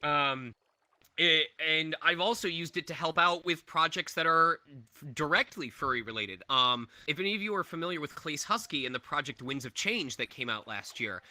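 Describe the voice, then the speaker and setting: Male voice actor, thirties, chatty convention Q&A, bright and a bit high. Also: animated, moderate pace, no echo. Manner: chatty, laughs often, jumps between voices. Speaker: voice actor guest. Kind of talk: convention Q&A answers.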